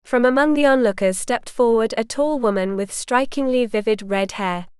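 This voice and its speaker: A woman narrating a historical romance audiobook in a measured, even storytelling manner. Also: fairly high pitch, clean tone, dry recording, clean studio sound.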